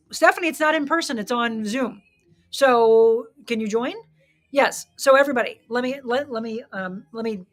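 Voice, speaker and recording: A woman hosting a solo live talk show, upbeat and chatty, speaking straight to her viewers and often restarting and correcting herself mid-sentence. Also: on the high side.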